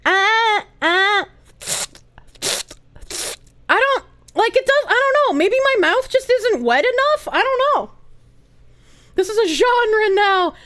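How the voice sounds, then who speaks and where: A woman's voice: very high-pitched, big pitch swings, a little slow, fairly bright tone. A woman streamer reacting to a clip in casual chat, giggling and swearing freely. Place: room with echo dampeners.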